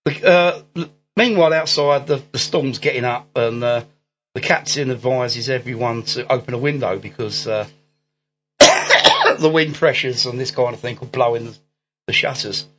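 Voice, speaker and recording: A podcast host, a man with a mid-range, slightly bright voice at a moderate pace, rambles through a movie plot recap in casual chat, laughing, umming and restarting. Faint music plays beneath dull lo-fi audio.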